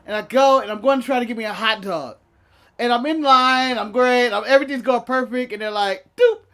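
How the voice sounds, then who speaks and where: A man co-hosting a casual wrestling chat show, telling a long story in an animated, profane way and laughing through it. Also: very high voice, brisk, clean tone. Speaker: podcast co-host.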